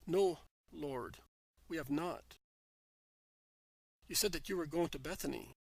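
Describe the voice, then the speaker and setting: A man's voice: a little high, a little slow, creaky, breathy edge, no room sound, exaggerated voice. A man reading the lines of a worried woman disciple, sounding anxious. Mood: upset.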